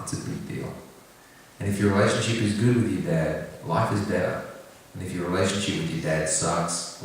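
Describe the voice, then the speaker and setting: A man telling a personal story to an audience in an earnest, direct way, with touches of gentle humor. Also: low voice, slight background noise. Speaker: singer-songwriter talking about his song. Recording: echoey room, picked up from a distance, faint background ambience.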